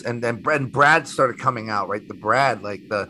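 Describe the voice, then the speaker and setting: Bright-voiced man telling animated stories. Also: mid-range voice, normal speed, slight background noise. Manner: animated storyteller who acts out quotes, swears casually. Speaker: magician guest. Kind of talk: casual storytelling interview.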